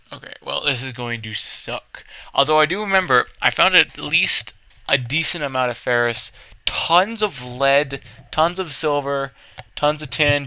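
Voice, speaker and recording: Slow, very bright-voiced gaming man. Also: medium pitch, vocal fry, dry recording, dull audio. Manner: rambling, self-correcting, hums and mutters sound effects. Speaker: let's play host. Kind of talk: casual gameplay commentary.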